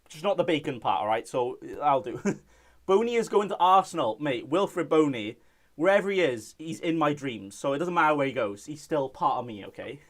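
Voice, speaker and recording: A man's voice: fairly high pitch, expressive, fairly quick. A young man from Wales, hosting a casual live-stream chat and reading out viewer messages in a jokey way.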